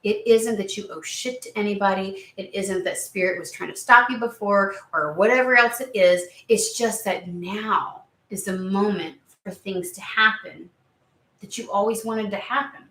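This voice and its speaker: A woman's voice: medium pitch, moderate pace, a bit bright, echoey room. A woman giving a casual tarot reading, chatty and emphatic, who swears now and then. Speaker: tarot reader.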